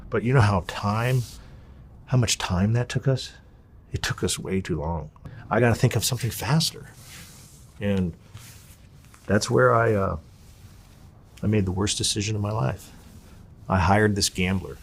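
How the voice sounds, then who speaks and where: A man as an interview guest, telling his story in a casual, animated and blunt way, swearing freely. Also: fairly low pitch, unhurried, pauses often, slight background noise.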